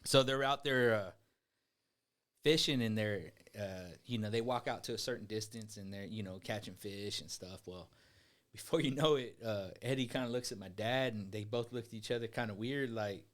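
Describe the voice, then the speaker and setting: A man's voice: on the low side, moderate pace, fairly bright tone. A man, co-hosting a podcast and telling rambling, profane outdoor stories with lots of laughing. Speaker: podcast co-host. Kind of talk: casual storytelling chat.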